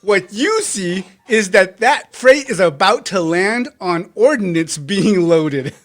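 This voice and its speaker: High, lively game master, a man. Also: slow. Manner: animated, laughs often, acts out characters. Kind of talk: narrating a tabletop game.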